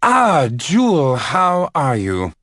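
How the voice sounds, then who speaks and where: A man playing an excitable fussy librarian. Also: on the high side, slow, dry recording, clean studio sound, voice pushed up, exaggerated voice. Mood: eager.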